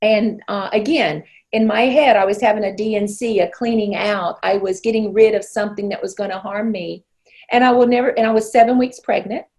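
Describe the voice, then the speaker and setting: Creaky-voiced woman in her sixties. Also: medium pitch, fairly even intonation, a little fast, darkish tone. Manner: earnest, reflective storytelling. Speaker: guest. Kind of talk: personal testimony in conversation.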